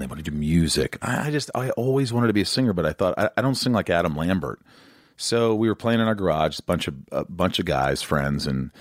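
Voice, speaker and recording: A man in his forties hosting a podcast in casual chat, animated and rambling, talking about being amped up. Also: low voice, no echo, studio quality. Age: 40s. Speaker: podcast host.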